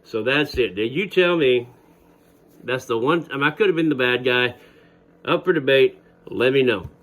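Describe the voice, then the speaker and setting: A man's voice: medium pitch, expressive, normal speed, a bit bright. Wry middle-aged man telling a story. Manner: wry, conversational, laughs while telling. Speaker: vlogger. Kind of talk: personal storytelling.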